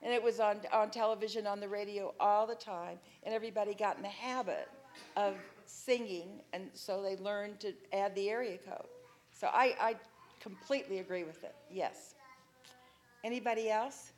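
A woman's voice: medium pitch, moderate pace. A middle-aged woman, a children's songwriter, talking chattily to an audience and breaking into song. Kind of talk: talk with sung demonstrations and guitar. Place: room with a live audience. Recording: guitar music under the voice. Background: strummed guitar.

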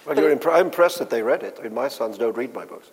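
A man on a panel telling an anecdote in a lively, amused way. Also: mid-range voice, quick pace, in a large hall, crowd noise. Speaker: panel guest, novelist.

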